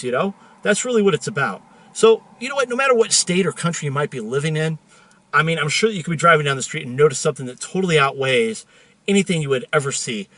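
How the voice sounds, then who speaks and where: A man hosting a show, telling a story in a car in a chatty, joking, animated way. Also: fairly high pitch. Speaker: host. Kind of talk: casual storytelling monologue.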